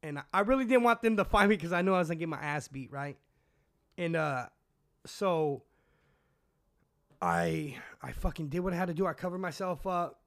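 A man's voice: fairly high pitch, normal speed, pauses often, fairly bright tone. Profane, rambling man telling his story. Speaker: guest recounting his past. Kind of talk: casual storytelling.

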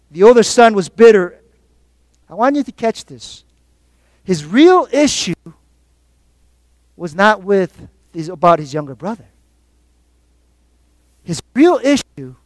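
A man preaching a sermon to his congregation, calling out for responses and swinging between quiet reflection and loud exhortation. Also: high-pitched, no room sound. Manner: call-and-response preaching, rising and falling in force. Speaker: pastor.

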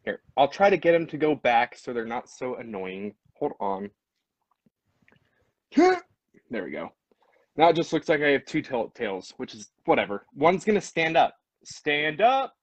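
A man's voice: mid-range voice, animated, moderate pace, no room sound. A man co-hosting a casual live stream, chatting in a goofy, rambling, playful way. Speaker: podcast co-host.

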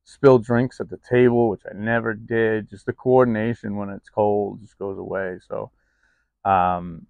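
A man with a low, gravelly voice talks in a loose, confessional vlog, full of ums and restarts. The sound is close and dry, recorded outdoors in the cold. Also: fairly even intonation, a little slow, no echo, phone-quality sound. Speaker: vlogger. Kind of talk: candid personal vlog.

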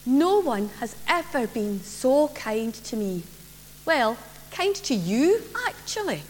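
A woman's voice: on the high side, sing-song, takes it slowly. A woman voicing a kind, patient mother in a story told during a sermon. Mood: calm. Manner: soothing, reassuring. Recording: reverberant church, faint hum.

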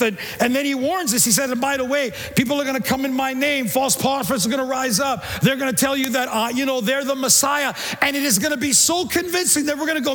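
A middle-aged male pastor preaching a sermon in a church, animated, stumbling over repeated words and acting out the voices he quotes. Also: extremely high pitch, brisk. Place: church sanctuary. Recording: long church reverb.

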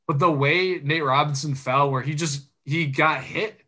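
Young male co-host, bright forceful tone, wry joking delivery, casual sports talk. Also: fairly high pitch, normal speed. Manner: joking, sarcastic, laughs often.

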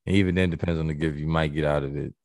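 A man's voice: very deep voice, steady tone, very fast, darkish tone, no echo, clean studio sound. A man co-hosting a podcast, talking casually and profanely, acting out quotes in exaggerated voices. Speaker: podcast co-host. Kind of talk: casual chat.

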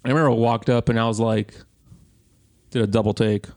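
A man in his thirties co-hosting a podcast, telling an animated story in casual chat and swearing freely. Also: mid-range voice, a little fast. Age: 30s. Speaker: podcast co-host.

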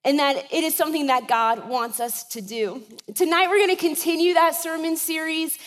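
High-voiced woman pastor preaching in a hall. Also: moderate pace. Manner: conversational preaching, checks in with the congregation. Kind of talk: sermon.

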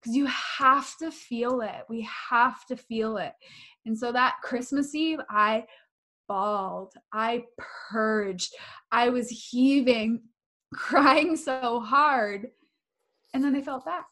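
A woman's voice: fairly high pitch, slow pace, bright, forceful tone. A woman talking candidly and emphatically in a casual spiritual chat, repeating phrases for effect.

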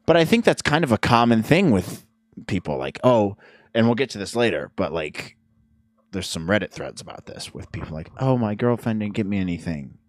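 Man, low voice, opinionated rambling chat, podcast co-host, dry close sound. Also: big pitch swings, moderate pace, no room sound. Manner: opinionated, rambling rants with playful jabs. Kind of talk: casual chat.

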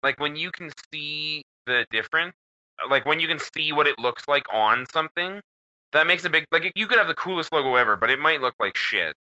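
Male podcast co-host, crude and jokey, bright tone, a bit muffled. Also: a little high, expressive, brisk. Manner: profane, joking, mocks a thick Canadian voice. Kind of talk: casual chat. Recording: slightly dull audio with faint noise.

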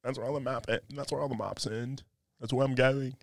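A restless young girl bent on adventure, voiced softly and earnestly, a little higher than an everyday man's tone, as a man imitates her. The sound is close and dry. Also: steady tone, brisk, creaky, no echo, close to an everyday voice. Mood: wistful.

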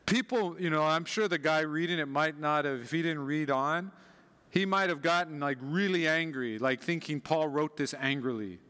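A man preaching a sermon as a pastor, conversational and animated, acting out quoted passages with dramatic readings. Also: fairly high pitch, moderate pace, big-room sound.

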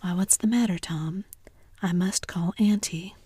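A woman's voice: on the low side, measured pace, warm tone, husky, no echo, studio quality. Woman whispering as an anxious little brother. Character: younger brother, anxious, tattling. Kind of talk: whispered role-play.

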